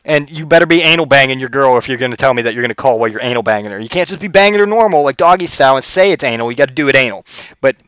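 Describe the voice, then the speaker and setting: A man's voice: medium pitch, expressive, very fast, fairly bright tone, smooth, no room sound. A man hosting his own podcast, telling crude, rambling comedic stories and acting out voiced quotes. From Pennsylvania, US. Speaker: podcast host. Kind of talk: profane comedic storytelling.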